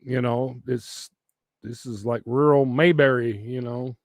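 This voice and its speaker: A man's voice: mid-range voice, fairly even intonation, measured pace, dry recording, clean studio sound. A man hosting a casual chat, rambling with lots of fillers and teasing his dog in a playful sing-song voice. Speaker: livestream host.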